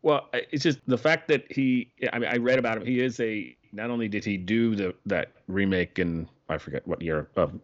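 A podcast co-host with a fairly low voice chats casually about a film at a moderate pace with few pauses. He rambles, cuts off his own sentences, and laughs often, in dull lo-fi audio.

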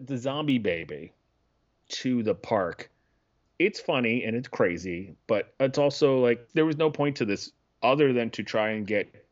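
A man co-hosting a podcast in casual chat, excitable and profane, rambling with lots of restarts. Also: medium pitch. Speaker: podcast co-host. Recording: dull lo-fi podcast audio.

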